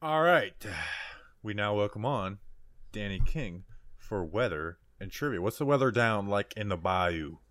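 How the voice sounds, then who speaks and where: A man hosting a casual sports podcast, briskly moving between segments and recapping standings. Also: on the low side, expressive, fairly bright tone, no room sound. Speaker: podcast host.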